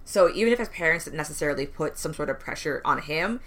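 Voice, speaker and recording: A woman's voice: deep voice, fast talker. A young woman co-hosting a casual true crime podcast, narrating a case with many ums. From West Indian family, immigrant parents. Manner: relaxed storytelling with frequent ums, laughs between lines.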